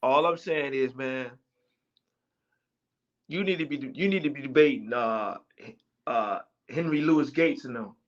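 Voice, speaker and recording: A man's voice: medium pitch, unhurried, pauses often. A man, rambling in casual podcast chat and often groping for names. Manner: rambling, searching for words. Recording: dull lo-fi audio.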